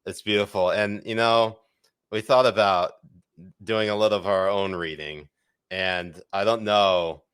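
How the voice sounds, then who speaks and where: Casting: male podcast co-host, smooth low voice, dry close sound, wry joking chat. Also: fairly even intonation, measured pace, a bit bright, no echo. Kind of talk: casual chat.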